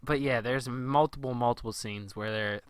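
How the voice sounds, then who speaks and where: A man's voice: mid-range voice, steady tone, moderate pace, clean tone, no room sound. A young man co-hosting a podcast, chatting casually about a movie and often laughing. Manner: laughing, quoting movie lines in put-on voices. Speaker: podcast co-host. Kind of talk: casual chat.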